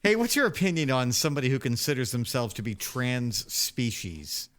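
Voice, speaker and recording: A man's voice: mid-range voice, very animated, moderate pace, fairly bright tone. Joking, dry-witted male podcast co-host. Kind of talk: casual chat.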